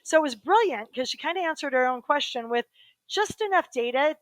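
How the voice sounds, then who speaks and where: A middle-aged woman recounts a story with lively energy, acting out the people in it. Her voice sits a little high and the recording is dry and close. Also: a little fast, no room sound, low-quality recording. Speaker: guest, human rights attorney. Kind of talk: storytelling in a casual interview.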